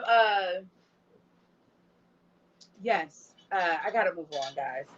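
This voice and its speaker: A woman's voice: on the low side, animated, slow, long pauses. A woman hosting a casual online show, talking straight to the audience and openly moved. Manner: emotional, talks to the audience directly. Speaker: host. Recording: dull lo-fi stream audio.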